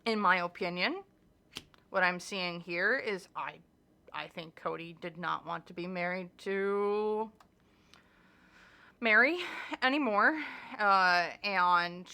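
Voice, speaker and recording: A woman's voice: mid-range voice, pushed and bright, smooth. A woman doing a casual tarot reading, talking in a chatty, hedging way with lots of fillers and restarts. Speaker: tarot reader.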